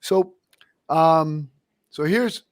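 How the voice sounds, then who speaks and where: A man's voice: a little high, very slow, dry recording, clean studio sound. A man hosting a podcast, talking in an upbeat, motivational way. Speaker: host. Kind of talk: casual podcast interview.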